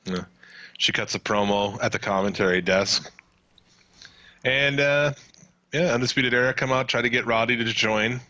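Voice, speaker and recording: A man's voice: mid-range voice, moderate pace, pauses often, sharp tone, dry recording, highs cut off. A man co-hosting a podcast, recapping wrestling in loose, profane, laughing casual chat. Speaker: podcast co-host.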